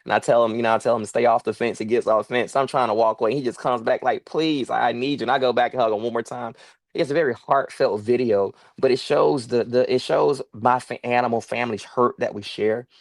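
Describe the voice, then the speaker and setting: A man's voice: medium pitch, steady tone, quick pace, no room sound. A man speaking as a guest on a livestream interview, earnest and pleading, repeating himself for emphasis over a video call. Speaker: guest, farmer and sanctuary owner.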